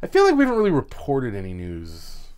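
A man's voice: mid-range voice, wildly swooping pitch, fairly quick, a little mellow, smooth. A young adult man co-hosting a casual podcast chat, rambling through stories and laughing often. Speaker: podcast co-host.

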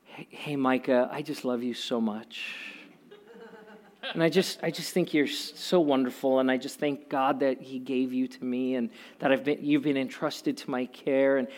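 A man voicing an overly sweet, gushing father who pleads in a soft, hushed way. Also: medium pitch, steady tone, normal speed, voice pushed down, close to an everyday voice. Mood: syrupy.

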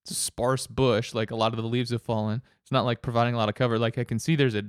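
A man's voice: mid-range voice, little pitch movement, fast, smooth, no echo, studio quality. A man telling a rambling story in casual chat, with many restarts and frequent laughs.

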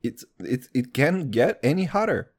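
A man's voice: expressive, moderate pace, breathy edge. A young man hosting a podcast in casual chat, rambling and swearing a lot, joking as he goes and jumping between topics. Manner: rambling, profane, jokey, wildly swinging pitch. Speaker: podcast host.

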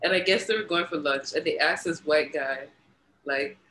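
A man's voice: on the high side, moderate pace, bright, forceful tone, a little hiss or hum. A man in casual chat, telling a story and laughing between phrases. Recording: echoey room.

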